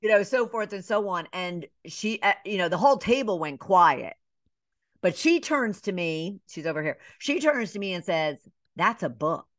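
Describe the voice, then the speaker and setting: A middle-aged woman from Atlanta, a business coach, telling her story in a casual interview, with lively asides, many fillers and short bits acting out other voices. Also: mid-range voice, normal speed, no room sound, clean studio sound. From Atlanta, Georgia. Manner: animated storyteller, acts out quoted voices, many "you know" fillers. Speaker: business coach and podcast guest.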